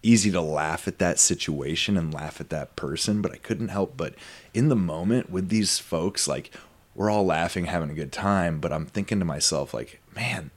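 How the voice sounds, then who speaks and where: Speaking low and at an ordinary pace, a man hosting a podcast wanders through a lengthy story, casual and conversational, packed with fillers and side remarks.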